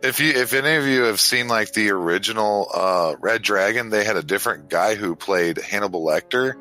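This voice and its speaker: A man's voice: fairly low pitch, fairly quick, sharp tone, soft background music, poor audio. A man in casual podcast chat, making dry quips and corrections.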